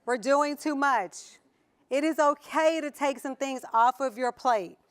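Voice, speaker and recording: This keynote speaker, a Southern US woman, has a high voice and speaks at a measured pace. She delivers a motivational talk to a conference hall audience, staying playful, laughing a lot, and asking the crowd questions.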